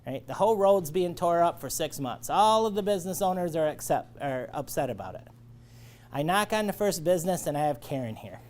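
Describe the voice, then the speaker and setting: A man's voice: a little high, animated, a little fast, darkish tone. A man leading a sales training lecture, coaching and checking in often with his listeners. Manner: coaching, checks in with "all right?".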